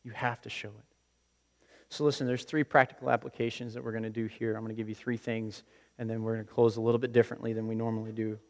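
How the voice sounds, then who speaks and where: A man's voice: on the low side, little pitch movement, quick pace. A man delivering a sermon from a church sanctuary, talking to the congregation in a plain conversational way. He repeats key phrases for emphasis. His voice rings out with a long reverb across a large hall. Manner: conversational, repeats phrases, often starts with "listen". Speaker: pastor.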